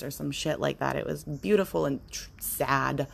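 A middle-aged podcast host muses unscripted in a reflective monologue, earnest in tone and occasionally slipping into playful quoted voices. She has a low-pitched voice with vocal fry, fairly even intonation and a moderate pace.

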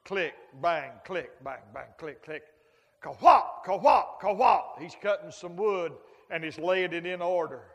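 High-voiced preacher in an echoing hall. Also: male voice. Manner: folksy storytelling with sound effects and humor. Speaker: traveling preacher. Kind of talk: sermon. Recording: long hall reverb.

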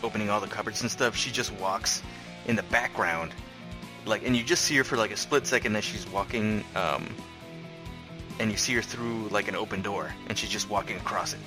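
A man with a low voice, chatting loosely and telling a story with lots of "like" and jokes. Clear music plays behind him. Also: fairly quick. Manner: chatty storyteller, laughs often, jokey. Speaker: podcast co-host. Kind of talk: casual chat.

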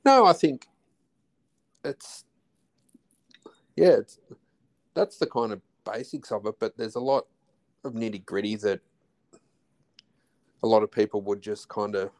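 A man's voice: on the low side, measured pace, pauses often, darkish tone. An Australian man in his forties, a podcast guest talking casually, often restarting and trailing off mid-phrase. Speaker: podcast guest, husband of host. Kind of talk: casual chat.

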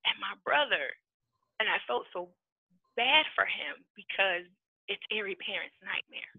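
A woman guest telling a personal family story in a lively, emotional way, acting out the people in it. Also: medium pitch, a little slow, husky, no echo. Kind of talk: casual storytelling. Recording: tinny phone line.

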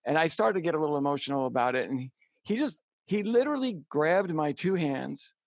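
Middle-aged guy cohosting a podcast, gravelly, lots of ums and restarts. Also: a little high, animated, no echo. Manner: halting, many fillers and restarts, heartfelt. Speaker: podcast co-host. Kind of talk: casual storytelling chat.

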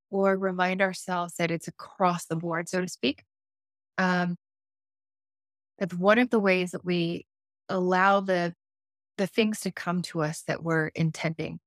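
Animated woman, dry close sound. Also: lowish voice, unhurried, dry recording. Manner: animated, acts out dialogue in her stories; frequent self-restarts and fillers. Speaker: intuitive life coach. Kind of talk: podcast interview storytelling.

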